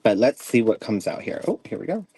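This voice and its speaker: A man hosting a casual live psychic stream, animated and laughing as he tells stories and reads tarot cards. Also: lowish voice, brisk, breathy edge. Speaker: psychic reader host.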